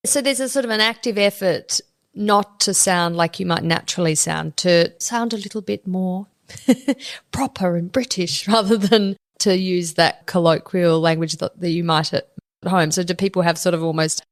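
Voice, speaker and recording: A woman's voice: on the low side, moderate pace, no echo, studio quality. An Australian woman hosting an interview, asking inquisitive questions with occasional chuckles. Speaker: interview host.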